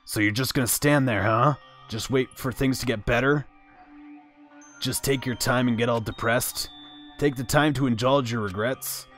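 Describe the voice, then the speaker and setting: A man's voice: medium pitch, normal speed, soft background music, natural voice. A man doing a brash young gang leader. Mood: tough. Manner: gruff, shouting.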